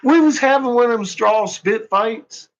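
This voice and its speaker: A man's voice: extremely high pitch, measured pace. A middle-aged man telling stories about his son in casual chat, laughing constantly and swearing freely. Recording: dull lo-fi recording.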